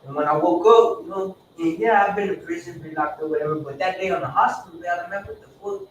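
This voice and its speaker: A man's voice: sits high, expressive, fast talker. A man sharing his recovery story in a group. He rambles, swears, repeats himself and acts out quoted dialogue. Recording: echoey room from far off with background noise.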